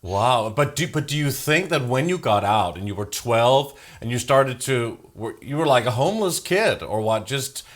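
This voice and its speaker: A man's voice: mid-range voice, lively intonation, moderate pace, few pauses. A man hosting an interview, asking curious, rambling questions. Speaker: interview host. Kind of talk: casual interview.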